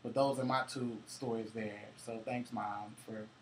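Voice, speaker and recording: A man's voice: on the low side, level tone, unhurried, slight background noise. A man co-hosting a casual chat, telling loose, profane holiday stories with frequent laughter. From Cincinnati, US. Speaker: co-host.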